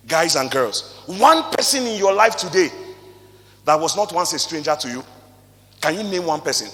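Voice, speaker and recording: A man with a Nigerian accent giving an animated motivational talk to a live audience, firing rhetorical questions and swinging between loud and soft. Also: high voice, moderate pace. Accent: Nigerian English. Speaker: motivational speaker. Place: stage in a hall before an audience. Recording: long reverb of a large hall.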